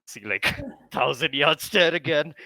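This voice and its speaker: A man's voice: a little high, lively intonation, a little slow, bright, forceful tone, no echo. A man playing in a tabletop game, joking wryly with the table. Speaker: player. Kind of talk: casual tabletop role-play.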